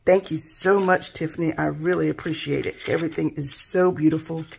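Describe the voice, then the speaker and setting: A woman's voice: sits low, fairly even intonation, brisk, vocal fry, breathy edge. A woman hosting a craft channel, chatting casually and admiringly as she unboxes handmade gifts. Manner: soft-spoken, gushing, admiring.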